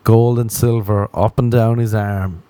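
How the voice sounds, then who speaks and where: Here an Irish man, alone in his apartment, hosts a comedy podcast that drifts through self-mocking gags, tangents and jokey asides. He speaks at a measured pace in a lowish, dark-toned voice with fairly even intonation.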